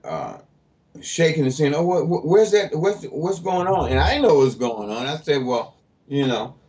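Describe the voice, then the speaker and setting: A man's voice: mid-range voice, darkish tone. A man guest telling his story in an interview, blunt and plainspoken. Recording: distant, dull lo-fi mic.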